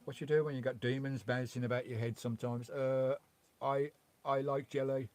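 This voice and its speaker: A man's voice: medium pitch, flat delivery, moderate pace, darkish tone. A man chatting casually on a live stream from his campervan, reading out chat messages in a rambling way with mild swearing. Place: parked in a campervan.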